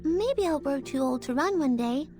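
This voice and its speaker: A woman's voice: high-pitched, lively intonation, moderate pace, a little mellow, soft background music. Spathadia, an upbeat young woman. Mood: hopeful. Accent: imitated Australian.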